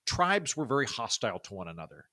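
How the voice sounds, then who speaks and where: A man from Oklahoma with a baritone voice, talking casually as a podcast guest, with lots of fillers and restarts. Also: sing-song, fast talker, sharp tone, no echo, studio quality. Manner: chatty, many fillers and restarts. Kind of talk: casual interview talk.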